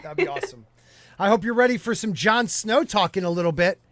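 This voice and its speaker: A man's voice: sits high, animated, brisk, over a noisy crowd. A man hosting a livestream podcast panel in playful, joking casual chat, streaming from home. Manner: playful, jokey, teasing. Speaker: podcast host.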